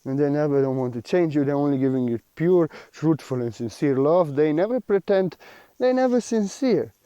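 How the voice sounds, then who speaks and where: A man's voice: a little high, animated, normal speed, mellow, clean tone, no room sound, highs cut off. A man giving a spiritual teaching monologue, earnest and repetitive, with slightly unidiomatic phrasing.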